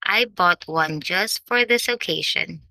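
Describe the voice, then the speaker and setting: A woman voicing a wry, teasing young gentleman, the eldest brother, in an audiobook reading. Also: on the low side, slow pace, no room sound, heavily acted, rough recording.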